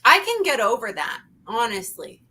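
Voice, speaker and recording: A woman hosting a casual review chat, talking in an animated, emphatic way and repeating her points. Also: fairly high pitch, moderate pace, a little hiss or hum. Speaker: channel host.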